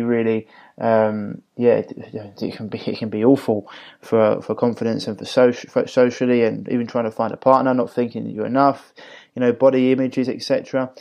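A man's voice: medium pitch, darkish tone. A man hosting a podcast interview, asking questions casually, often restarting and apologizing. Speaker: podcast host.

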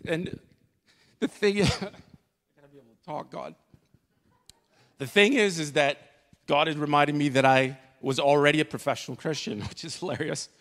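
A man giving an earnest church testimony from the stage, halting and full of fillers and restarts. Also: a little high, a bit bright. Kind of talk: emotional spoken testimony. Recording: long reverb of a large hall.

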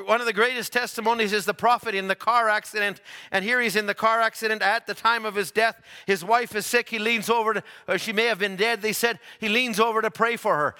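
Animated, bright-voiced male preacher. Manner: animated storytelling, voice climbing high at dramatic moments; drops to soft low tones for tender quotes. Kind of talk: sermon.

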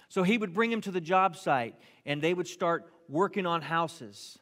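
A man's voice: high-pitched, normal speed, hardly any pauses, a bit bright. A man preaching a sermon, telling a story with emphatic, earnest delivery. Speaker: pastor. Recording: long reverb of a large hall.

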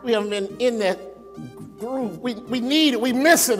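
A male pastor with a very high voice preaches a sermon to an online congregation at normal speed, conversational in style and full of rhetorical questions. Soft background music plays, and the church sanctuary adds long reverb.

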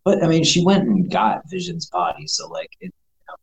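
A man's voice: a little high, very animated, a little fast, gravelly, muffled recording. A man chatting casually as a co-host, loose and slangy with lots of fillers. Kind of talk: casual chat.

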